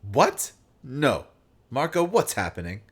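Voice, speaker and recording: A man's voice: mid-range voice, very animated, slow pace, husky, voice pushed up, full character voice. A man voicing an anxious, protective male jackal alien in a visual novel, asking urgent, alarmed questions. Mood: panicked.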